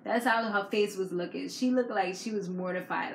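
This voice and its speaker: A woman's voice: medium pitch, normal speed. A woman vlogger recapping a reality TV episode in a chatty, slangy way, laughing often. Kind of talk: casual chat. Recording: echoey room with faint background noise.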